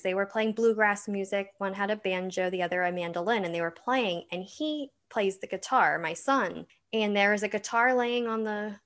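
A woman's voice: mid-range voice, a bit bright. A middle-aged woman, an author being interviewed, telling personal stories in an earnest, chatty way and laughing often. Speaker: author guest. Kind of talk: casual interview chat.

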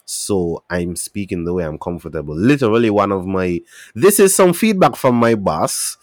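A man from Saint Kitts with a Kittitian accent, co-hosting a casual podcast chat, animated and emphatic. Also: low-pitched, moderate pace, dry recording, studio quality. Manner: animated, emphatic, shifts into local dialect. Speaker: podcast co-host.

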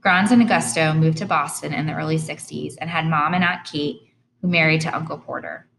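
A woman's voice: deep voice, fairly even intonation, fairly quick, gravelly, fairly bright tone, slight background noise, rough recording. A woman narrating an audiobook in the first person with earnest, plain storytelling.

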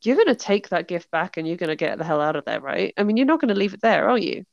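Chatty British woman with a gravelly edge. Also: lowish voice, very animated, quick pace, no echo, highs cut off. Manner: chatty, laughs often, acts out quoted reactions. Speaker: author and podcast host. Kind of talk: casual chat.

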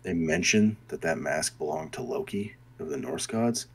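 A man's voice: sits low, lively intonation, normal speed, slightly rough. A man talking loosely in a casual chat about a video game, rambling and swearing freely.

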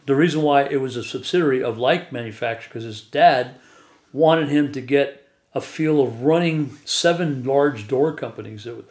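Man, guest storyteller, rambling, laughs often, echoey room. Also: medium pitch. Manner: chuckles often while telling stories. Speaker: guest telling his life story.

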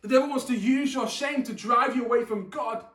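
A man with a strikingly high voice delivers an earnest sermon and presses his points home by repeating them. He sits back from the microphone, and his words ring through a reverberant room. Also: a little fast, a bit bright. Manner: earnest, emphatic preaching with repeated phrases. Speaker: preacher. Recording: echoey room, mic at a distance.

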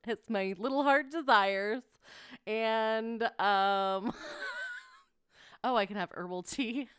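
A woman's voice: mid-range voice, fairly bright tone, smooth, no echo. A young woman hosting her own podcast, chatting emotionally with many fillers and giggles into a close mic. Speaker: podcast host. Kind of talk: casual solo podcast chat.

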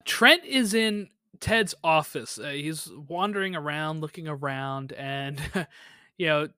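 A podcast co-host in a casual recap chat, talking in animated quick bursts and laughing often. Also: mid-range voice, clean tone, dry recording, clean studio sound.

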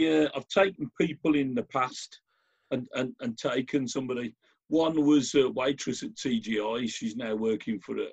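Gravelly man telling stories. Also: on the low side. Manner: animated storyteller, many restarts. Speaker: guest. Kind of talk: casual conversational anecdote. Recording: dull lo-fi audio.

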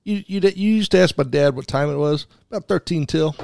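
A man hosting a casual talk show, chatting with guests and cutting in with quick, laughing remarks. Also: a little high, vocal fry, darkish tone, no echo, studio quality. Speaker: radio show host. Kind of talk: casual chat.

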